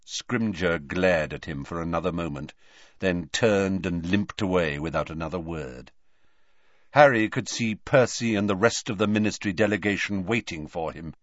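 Man, audiobook narrator, unhurried, lively pitch, dry dull sound. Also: dry recording. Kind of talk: audiobook reading with character voices.

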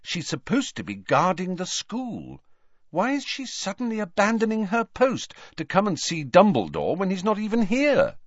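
Man voicing a teen girl, earnest, questioning, raised pitch, dry lo-fi audiobook. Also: huge pitch swings, moderate pace, no echo, heavily acted. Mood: concerned. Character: teenage girl, bossy and worried. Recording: dull dry audiobook recording.

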